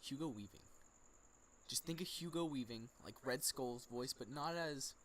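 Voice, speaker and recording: A man's voice: medium pitch, moderate pace, a bit bright, slight background noise. A man co-hosting a casual pop-culture chat, thinking aloud with hesitant, trailing phrases. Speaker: co-host.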